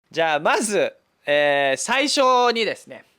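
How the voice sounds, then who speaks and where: A man's voice: on the high side, very animated, moderate pace, over music. A man hosting a casual bilingual English lesson in an upbeat, cheerful presenter manner. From Japan. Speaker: English teacher and host.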